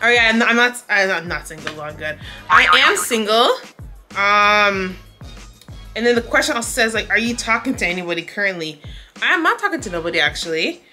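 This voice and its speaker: A young woman from Canada answers viewer questions in a loose, animated vlog chat, laughing often. Her voice is bright and sits a little high. Faint music plays underneath. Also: moderate pace. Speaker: vlogger.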